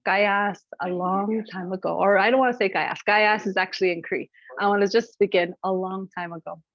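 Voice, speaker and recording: Lively woman storyteller, dry, lo-fi sound. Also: mid-range voice, moderate pace, no room sound. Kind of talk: oral storytelling to an audience. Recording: dull, dry lo-fi recording.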